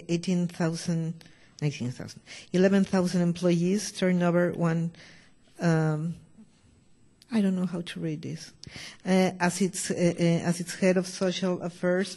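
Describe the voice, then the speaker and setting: Moderator, soft mellow timbre, halting reader. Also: medium pitch. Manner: stumbling over names and numbers. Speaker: conference moderator. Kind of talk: reading an introduction.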